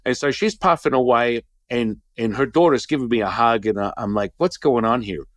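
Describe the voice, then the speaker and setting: A middle-aged man telling a story in casual conversation, animated, acting out the voices of the people he quotes. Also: medium pitch, brisk, no room sound, studio quality. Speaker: Taoist teacher, interview guest.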